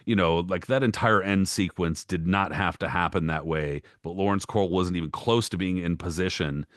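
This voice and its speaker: Man, low pitch, dry recording, profane exasperated rant, casual podcast talk. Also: a bit bright, no echo. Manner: rapid listing with mock-quoted voices. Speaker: podcast co-host, boxing historian.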